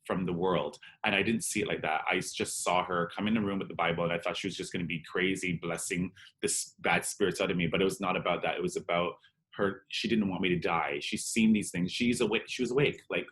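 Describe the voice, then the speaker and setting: A man's voice: sits low, steady tone, quick pace, fairly bright tone. A man telling a personal story in an interview, candid and emotional, acting out the dialogue and peppering his speech with "like". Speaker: drag performer and interview guest.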